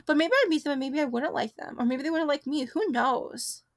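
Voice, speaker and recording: A young woman co-hosting a podcast in casual chat, chatty and giggly, riffing quickly. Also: high voice. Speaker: podcast co-host.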